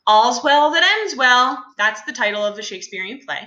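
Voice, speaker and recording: A woman's voice: on the high side, animated, normal speed, sharp tone, echoey room, highs cut off. A young adult woman teacher talking through a class lesson in a chatty, casual way with many fillers and asides.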